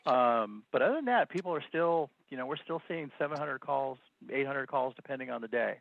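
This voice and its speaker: A man reports on his department's budget at a council hearing, pausing often on fillers. His voice has a gravelly fry. It comes through a thin, phone-like line with no room sound. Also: medium pitch, expressive, no room sound. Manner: hesitant, many fillers. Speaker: city department head.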